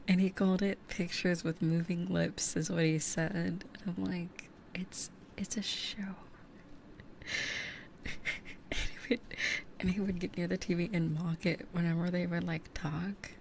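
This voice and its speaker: A young woman whispers casual chat right up against a binaural ASMR mic. Her voice sits a little low for a woman, and she wanders loosely from thought to thought with plenty of fillers. A faint hiss runs underneath. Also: little pitch movement, a little slow, gravelly, long pauses. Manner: soft whispering, rambling with many fillers. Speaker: streamer. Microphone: close binaural ASMR mic.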